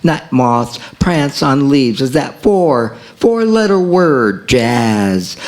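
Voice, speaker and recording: Slow, rhythmic man reading poetry. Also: mid-range voice, a little mellow. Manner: rhythmic, repeats lines, stretches key phrases. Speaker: poet. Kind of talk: poetry reading at an open mic. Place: café stage at an open mic.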